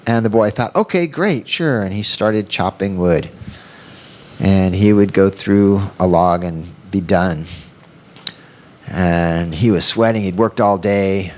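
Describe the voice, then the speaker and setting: A man presenting at a workshop who tells a story and acts out its lines in an animated way. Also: deep voice, takes it slowly. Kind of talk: storytelling in a training talk.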